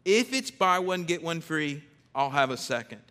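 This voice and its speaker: Emphatic preaching man, swinging loud to hushed. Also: fairly high pitch, big pitch swings, moderate pace. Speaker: pastor. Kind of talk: sermon.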